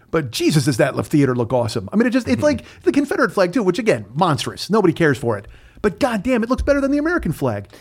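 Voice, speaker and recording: A man talks films on a podcast in a loose, joking way, swearing freely. His voice sits a little high and swings all over the place as he riffs. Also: huge pitch swings, very fast. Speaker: podcast co-host. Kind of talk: casual chat about film trailers.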